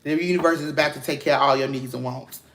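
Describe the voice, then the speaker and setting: A male tarot reader with a medium-pitched, steady voice talks fast over a noisy background as he gives his viewers a casual spiritual reading. Emphatic, preachy, and encouraging, he curses freely and calls them "baby" and "y'all."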